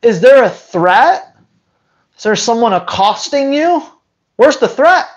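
A man's voice: very high voice, sing-song, takes it slowly, highs cut off. A man who hosts a dog training channel, answering viewer questions live in a blunt, teasing way full of rhetorical questions.

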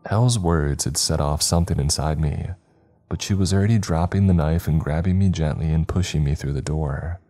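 A man narrating a horror story in a measured, dramatic way. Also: a bass voice, warm tone. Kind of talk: scripted narration. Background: faint background music.

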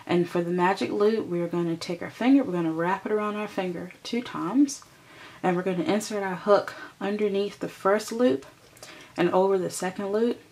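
A woman's voice: mid-range voice, normal speed, a little mellow. A woman hosting a crochet tutorial, patiently explaining each step and counting stitches aloud as she works.

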